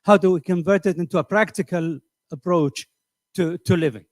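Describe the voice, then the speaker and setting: A man's voice: high voice, moderate pace, a little mellow, dry recording. A middle-aged man teaching a class, asking his students questions and often repeating words as he thinks. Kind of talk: classroom lecture.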